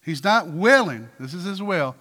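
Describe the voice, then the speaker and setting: A man preaching a sermon as pastor, asking the congregation questions and breaking into loud, emphatic bursts. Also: high-pitched, expressive, normal speed. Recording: reverberant hall with faint music.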